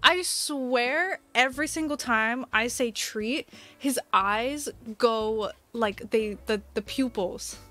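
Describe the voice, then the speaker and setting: A woman's voice: on the high side, takes it slowly, hardly any pauses, bright, forceful tone, faint music behind. A woman streamer chatting casually on a live stream, giggling often and talking to her pets. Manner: bubbly, giggly, baby-talks to her pets.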